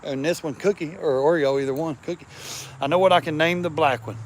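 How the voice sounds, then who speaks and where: Man, vlogger, rambling and crude, slightly high voice, faint outdoor noise. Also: steady tone, a little fast. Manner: rambling, crude, talks baby-talk to cats. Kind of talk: casual rambling chat.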